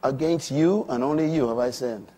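A man in his sixties preaching a sermon, swinging from quiet, low stretches to loud, high, emphatic lines. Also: moderate pace. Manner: dramatic swings from quiet to loud, rising pitch on key lines. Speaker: pastor.

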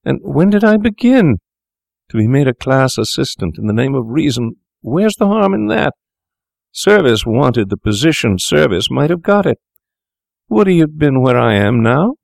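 A man voicing a frightened young medical student in a story, hoarse and pleading, his voice cracking upward. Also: low voice, normal speed, hardly any pauses, no echo, clean studio sound. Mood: desperate.

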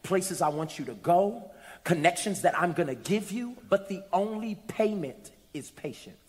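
A man voicing the Holy Spirit, speaking gently and patiently in soft questions. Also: sits high, animated, normal speed. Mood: gently questioning. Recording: echoey hall.

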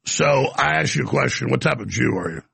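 A man's voice: mid-range voice, animated, brisk, creaky, a bit bright, slightly rough, dry recording. A male talk show host taking calls, blunt and skeptical with the caller. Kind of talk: call-in radio talk.

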